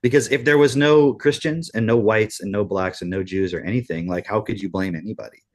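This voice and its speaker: A man's voice: lowish voice, brisk. A man co-hosting a podcast in casual chat, talking in an emphatic, profane rant. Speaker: podcast co-host.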